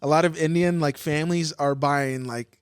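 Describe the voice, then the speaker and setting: Hesitant man, a bit high, dry. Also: steady tone, normal speed, clear, resonant tone, no room sound. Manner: hesitant, many fillers. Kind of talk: casual chat.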